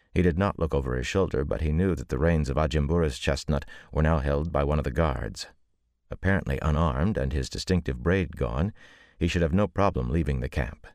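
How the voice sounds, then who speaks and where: Very deep-voiced male audiobook narrator. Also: a little mellow, dry recording, studio quality. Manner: measured, deep-voiced reading with voiced characters. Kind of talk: scripted narration.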